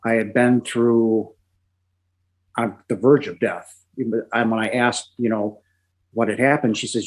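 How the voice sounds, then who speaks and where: A middle-aged man, a podcast guest, giving a personal testimony in a halting, emotional way, with frequent pauses and restarts. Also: medium pitch, steady tone, rough recording.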